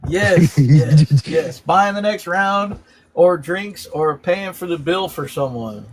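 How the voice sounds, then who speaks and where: A man with a fairly high voice hosts a relaxed live stream. He walks through slang words one after another, animated and quick to laugh. A faint hum of room ambience sits behind him. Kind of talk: casual live-stream chat.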